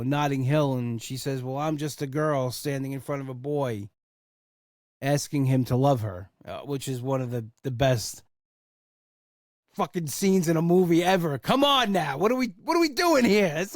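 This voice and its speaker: A young man chats on his own podcast in a loose, rambling way and swears when he gets excited. His voice sits a bit high for a man. The sound is close and dry, with no room around it. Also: no room sound. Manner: enthusiastic, rambling, swears for emphasis. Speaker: podcast host. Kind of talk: casual solo podcast chat.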